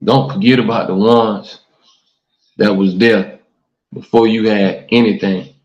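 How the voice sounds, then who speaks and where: A man's voice: fairly low pitch, fairly even intonation, a little slow, a little mellow. A man hosting a casual livestream talk show, reading comments and preaching earnestly to his viewers, often saying "man" and "y'all". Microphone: livestream mic. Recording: echoey room, dull lo-fi stream audio.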